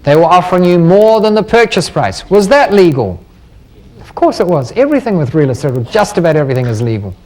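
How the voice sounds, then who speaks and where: A man's voice: high voice, big pitch swings, brisk, a little mellow. A middle-aged man speaking at a live seminar, bold and persuasive, putting many rhetorical questions to the room. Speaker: seminar speaker on property investing. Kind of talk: live seminar talk to an audience.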